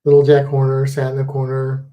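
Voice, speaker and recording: A man's voice: mid-range voice, monotone, brisk, muffled recording. A man co-hosting a casual livestream chat, rambling and correcting himself as he goes. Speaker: livestream co-host.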